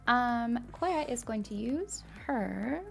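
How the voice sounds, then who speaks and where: Slow, gravelly-voiced woman player. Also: fairly high pitch, lively intonation, faint music behind. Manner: slow, halting, many fillers. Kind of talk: casual tabletop play.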